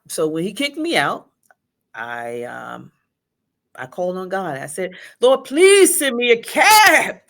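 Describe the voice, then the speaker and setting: A middle-aged woman, a guest, telling an emotional personal story in a halting way, with restarts and quoted speech. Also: sits low, sharp tone.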